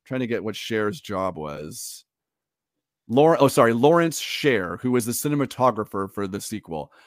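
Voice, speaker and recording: A man's voice: lowish voice, lively intonation, normal speed, dry recording, studio quality. A man co-hosting a podcast in casual chat, chatty and rambling, often laughing. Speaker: podcast co-host.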